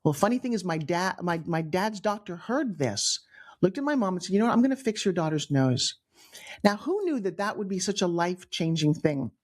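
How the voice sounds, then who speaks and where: A middle-aged woman from New York with a New York accent, telling her own life story on a podcast in an animated way, acting out the people she quotes. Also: fairly low pitch, brisk. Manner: animated, acts out quoted voices, frequent restarts. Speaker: guest storyteller.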